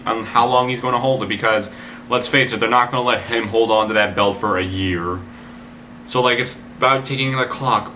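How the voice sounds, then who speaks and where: A man's voice: mid-range voice, bright, forceful tone, slight background noise. A man giving casual spoken predictions as a video blogger, rambling and opinionated, full of "like" fillers and the odd curse. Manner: opinionated, swears in frustration.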